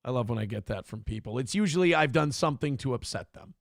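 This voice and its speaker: A man's voice: medium pitch, animated, fast talker, gravelly, no room sound, studio quality. A man hosting a casual live stream, reading chat messages aloud and reacting in a profane, sarcastic, rambling way. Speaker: show host.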